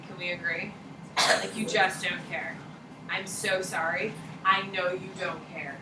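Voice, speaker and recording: A woman teaching a high school history class, talking casually and candidly and swearing offhandedly as she lectures. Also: bright, forceful tone, slight background noise. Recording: echoey classroom from far off.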